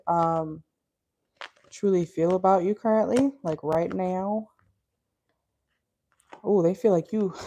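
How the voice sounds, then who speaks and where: This tarot reader from Minnesota speaks in a lowish, warm voice with a Minnesotan accent. She does her reading from a parked car, talking casually and bluntly, rambling on with plenty of fillers and laughs.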